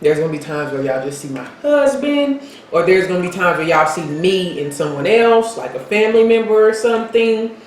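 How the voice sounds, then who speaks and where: A woman's voice: on the low side, expressive, fairly quick. A woman co-hosting a casual eating vlog, chatting and talking straight to her viewers. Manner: chatty, addresses viewers directly. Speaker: vlog co-host. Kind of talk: casual mukbang chat. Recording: very echoey room, faint background noise.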